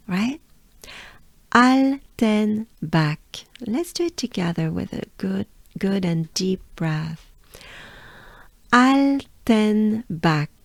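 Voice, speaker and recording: French-accented woman teacher, very slow deliberate drills, dry close sound. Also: medium pitch, gravelly, dry recording. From France. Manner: drills sounds slowly, repeating them. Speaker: pronunciation teacher. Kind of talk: slow pronunciation lesson.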